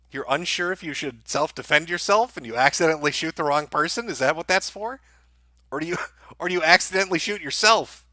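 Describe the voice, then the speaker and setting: A man's voice: a little high, pushed and bright, dry recording, clean studio sound. A man hosting a livestream, reading viewer donations and answering them in sardonic, profane commentary. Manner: sardonic, blunt, swears freely.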